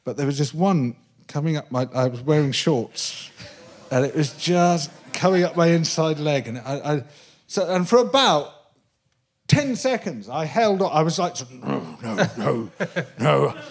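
A man, a guest on a live interview show on a theatre stage, telling an animated anecdote with many restarts and laughs. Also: a little high, moderate pace. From Britain. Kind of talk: live comedy-podcast interview, storytelling.

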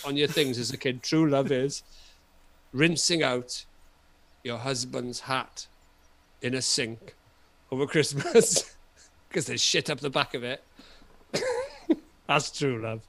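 A middle-aged Welsh man, a comedian guest on a podcast, telling a comic story in an animated way and often repeating himself. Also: medium pitch, takes it slowly, pauses often, slight background noise. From Wales. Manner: animated, repetitive storytelling with frequent laughter.

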